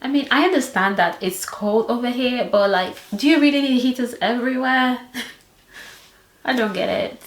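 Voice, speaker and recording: A woman's voice: a little high, echoey room, low-quality recording. A young woman from Portugal with a Portuguese accent, chatting animatedly in a casual vlog, with many fillers. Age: young adult. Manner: animated and expressive, lots of fillers. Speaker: vlogger.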